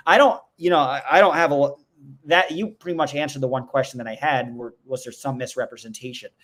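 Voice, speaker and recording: A man's voice: mid-range voice, a little fast, a bit bright. A man hosting a casual livestream, rambling through viewer comments with restarts and joking asides. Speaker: livestream host. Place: indoors at home.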